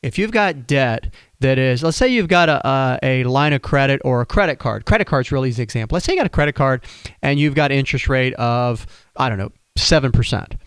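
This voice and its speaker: A man's voice: medium pitch, animated, a little fast, fairly bright tone, clean tone, dry recording, studio quality. A man hosting a radio advice show, talking casually in a folksy, conversational way with frequent restarts. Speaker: radio show host, financial planner.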